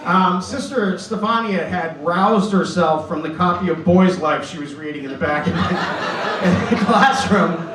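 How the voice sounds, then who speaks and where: Comic in his 40s doing a stand-up story, highish voice, echoey room. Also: recorded from a distance. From Boston. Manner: animated, storytelling. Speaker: stand-up comedian. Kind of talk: stand-up set. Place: comedy club stage with live audience. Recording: roomy club recorded from afar.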